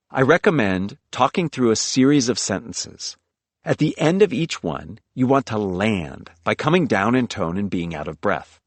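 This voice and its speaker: A low-pitched man reads a self-help audiobook in an animated, instructive way, guiding the listener through exercises. His pitch moves up and down a lot. The sound is dry, with no room echo. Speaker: audiobook narrator. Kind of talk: scripted audiobook narration.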